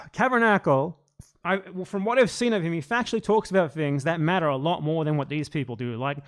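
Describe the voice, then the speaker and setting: A man's voice: a little high, fairly quick. A man hosting reaction commentary, exasperated and argumentative, swearing often as he rebuts. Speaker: commentary channel host.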